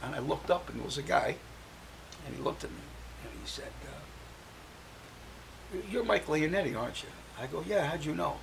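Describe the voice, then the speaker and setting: An older man speaks in a gravelly voice that sits a little high for a man. He is a guest telling his life story on an interview show, and he acts out the voices of the people he quotes. A faint hiss runs under the recording. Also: expressive, moderate pace, long pauses, fairly bright tone, poor audio.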